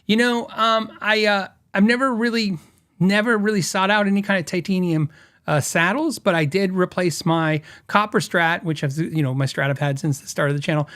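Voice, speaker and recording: A man's voice: sits high, fairly even intonation, moderate pace, fairly bright tone. A middle-aged man hosting a podcast, telling a rambling story with many fillers and acted-out quotes. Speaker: podcast host and guitar shop owner.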